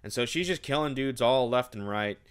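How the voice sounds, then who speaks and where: A man's voice: medium pitch, a little fast, clean tone. A man recapping a novel in a casual, sarcastic and exasperated rant. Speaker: book reviewer.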